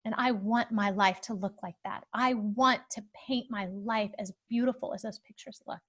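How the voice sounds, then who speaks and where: A woman's voice: mid-range voice, fairly even intonation, normal speed, a bit bright, husky. A woman in her thirties hosting a podcast, telling a personal story in an open, searching way with plenty of fillers and restarts. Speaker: podcast host.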